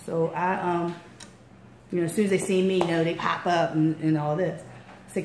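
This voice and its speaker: Woman, Baltimore accent, storytelling radio interviewer, echoey room, faint hiss. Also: normal speed. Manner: animated, acts out quotes with big pitch jumps. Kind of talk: casual storytelling.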